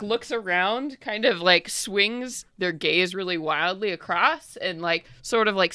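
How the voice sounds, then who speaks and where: A woman's voice: on the low side, pushed and bright, clear, resonant tone, dry recording, studio quality. A woman narrating as game master for a tabletop game, describing scenes in a rambling way full of likes and uhs.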